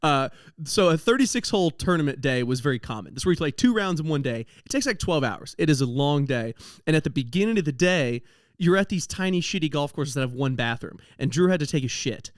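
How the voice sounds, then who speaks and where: A podcast host and comedian rambles through funny stories and often laughs partway through a sentence. His voice sits a little high for a man. The recording is dry and close, with no room sound. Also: animated, brisk, no echo. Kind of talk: comedic storytelling monologue.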